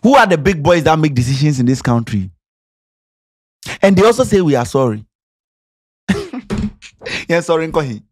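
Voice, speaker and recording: A man's voice: fairly high pitch, very animated, normal speed, long pauses. A Ghanaian man giving passionate, sarcastic social commentary, firing off rhetorical questions. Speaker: commentary vlogger.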